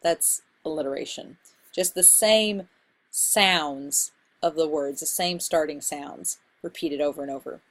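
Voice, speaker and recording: A woman's voice: deep voice, measured pace. A woman college instructor giving a recorded slide lecture, chatty and enthusiastic about literary terms.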